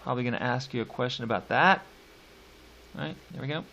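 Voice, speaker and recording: In this recorded poetry lecture, a man reads lines slowly, drawing out the stresses, and tosses in offhand asides. He's a teacher with a medium-pitched voice, a sharp tone and noticeable vocal fry.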